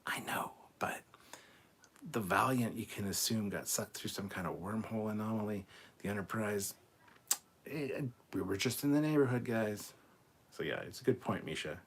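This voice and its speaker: Laid-back low-voiced man reading chat. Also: animated, normal speed, slight background noise. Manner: laid-back, blunt, swears casually, laughs between comments. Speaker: host reading viewer chat. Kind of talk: casual livestream chat.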